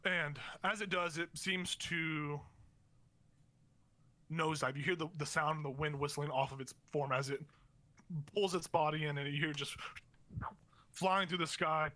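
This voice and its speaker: A man's voice: a little high, fairly even intonation, normal speed, bright, forceful tone. A young man running a tabletop game as game master, narrating in a rambling way with many fillers and restarts.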